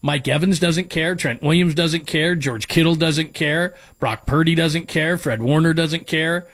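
A man's voice: fairly high pitch, unhurried, a bit bright. A man hosting sports talk radio, giving strong opinions as he runs through names and stats.

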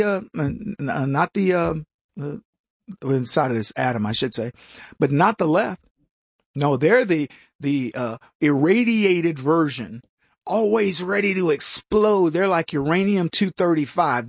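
A man's voice: fairly high pitch, dry recording, clean studio sound. A man hosting a political talk show, sarcastic and mocking, who stumbles and restarts and laughs at his own jokes. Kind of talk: opinionated commentary monologue.

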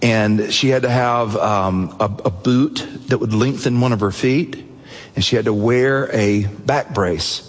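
A man preaching a sermon, telling a story earnestly and softening his voice at emotional points. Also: medium pitch, unhurried. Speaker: pastor. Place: church sanctuary. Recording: long reverb of a large hall.

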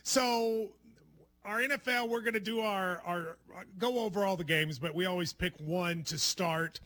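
A man's voice: sits high, measured pace, bright, forceful tone. A man with a Kentucky accent hosting a casual sports talk show, chatty and jokey, laughing often. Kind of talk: casual sports radio chat.

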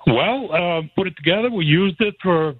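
A man's voice: high-pitched, lively intonation, moderate pace, husky, dry recording. A man as a guest telling a folksy personal story, chuckling often as he goes. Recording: tinny phone line, dry.

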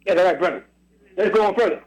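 A man preaching on a radio broadcast, reading scripture aloud and pressing a helper with repeated questions, in drawn-out, emphatic phrases. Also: sits high, rough recording. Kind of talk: call-and-response Bible reading sermon.

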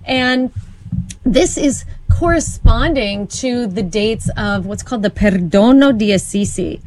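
A woman's voice: fairly high pitch, measured pace, a little mellow, low-quality recording. Upbeat, informative woman talking church news. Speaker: co-host. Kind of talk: conversational Catholic radio chat.

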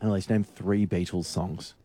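A man's voice: sits low, fairly even intonation, moderate pace, warm tone, soft background music. A man hosting radio in a studio, teasing a colleague as a playful quizmaster. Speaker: radio host. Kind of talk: breakfast radio banter.

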